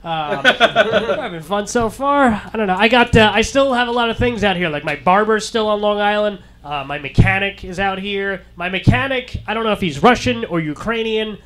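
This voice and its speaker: Bright high-voiced male stand-up comedian. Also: normal speed. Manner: deadpan storytelling that acts out quoted voices.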